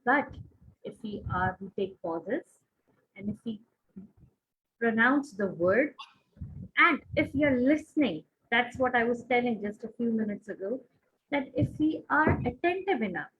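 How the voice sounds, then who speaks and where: A woman's voice: fairly high pitch, slightly rough, lo-fi sound. A woman from Pakistan speaking as a panelist in a conference discussion, earnest and winding, often restarting her sentences.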